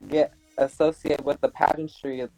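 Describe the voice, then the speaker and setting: A woman's voice: low voice, little pitch movement, moderate pace, vocal fry, dark tone, dry recording, faint music behind, rough recording. A woman co-hosting a casual chat, agreeing along and adding her own chatty remarks. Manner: chatty, with frequent backchannel agreement. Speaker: co-host.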